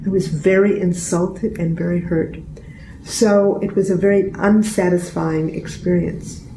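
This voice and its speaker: A woman's voice: lowish voice, fairly even intonation, unhurried, warm tone, a little hiss or hum. An older woman telling a personal story in an earnest, reflective, plainspoken way. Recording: roomy echo.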